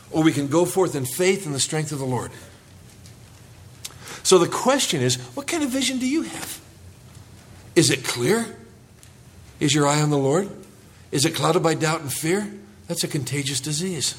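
A man's voice: mid-range voice, lively intonation, unhurried, pauses often. A man preaching a sermon to his congregation, lifting his voice for emphasis and calling for responses. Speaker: pastor.

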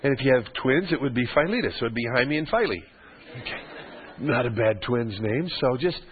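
Heard over a phone-like, lo-fi radio broadcast, an older man preaches as pastor with lively intonation, a mid-range voice and a moderate pace. His expository sermon works through scripture, broken up by jokey, conversational remarks to the congregation.

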